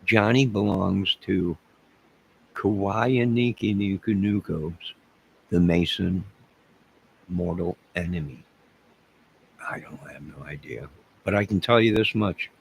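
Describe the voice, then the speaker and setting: Gravelly low-voiced man rambling to chat. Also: slow, pauses often, slight background noise, poor audio. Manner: rambling and joking, answering his chat by name; swings between loud outbursts and mutters. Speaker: livestream crime-case commentator. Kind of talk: rambling casual livestream chat.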